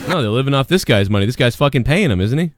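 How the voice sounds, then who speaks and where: A man hosting a live show, reacting to a video in a rambling, profane way and now and then shouting mocking impressions. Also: medium pitch, lively intonation, rapid-fire, over a noisy crowd. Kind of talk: casual profane commentary.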